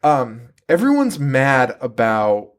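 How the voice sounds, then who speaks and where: A man's voice: medium pitch, slow. A man co-hosting a podcast, chatting casually and profanely as he mocks a movie. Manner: profane, animated, mocking. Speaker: podcast co-host. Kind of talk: casual chat recapping a movie.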